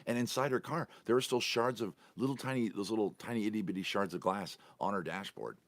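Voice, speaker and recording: Deep-voiced man telling a rambling story. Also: brisk, no echo. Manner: rambling, chatty, self-correcting. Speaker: podcast host. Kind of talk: casual storytelling monologue.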